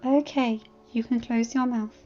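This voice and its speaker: A woman voicing a calm female healer who speaks gently in a storybook reading. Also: on the high side, measured pace, muffled recording, faint music behind, lightly acted.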